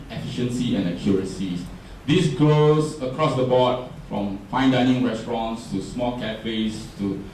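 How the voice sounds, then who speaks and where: A workshop speaker with a Singaporean English accent talks in a medium-pitched, slightly mellow voice, keeping the presentation chatty and repeatedly putting questions to the audience. The distant mic picks up a roomy echo along with a little background noise.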